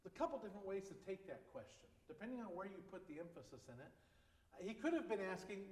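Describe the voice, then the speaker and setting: A man's voice: high-pitched, sing-song, quick pace, darkish tone. A man preaching an informal sermon as a pastor, speaking conversationally with joking asides. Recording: echoey hall with long reverb.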